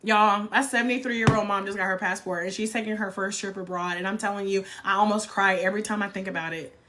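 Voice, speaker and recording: A woman's voice: mid-range voice, fairly even intonation, fast, noisy background. A woman, giving a blunt, fired-up motivational livestream talk and swearing freely. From North Carolina, US. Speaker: livestream host.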